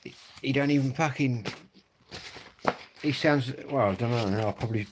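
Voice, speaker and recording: A middle-aged Englishman with a Kent accent hosts a livestream, speaking at medium pitch and moderate pace over some background noise. He chats casually and rambles with viewers, swearing and using blokey slang.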